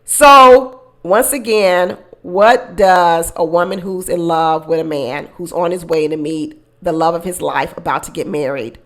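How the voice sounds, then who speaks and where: A woman hosting casual reality-show commentary, animated, acting out quotes and laughing often. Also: on the low side, unhurried. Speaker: commentary channel host.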